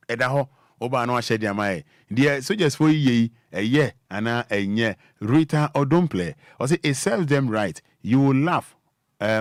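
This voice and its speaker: A male radio host with a Ghanaian accent reading out listener comments on air, switching between Twi and English with many fillers and pauses. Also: medium pitch, no room sound, clean studio sound.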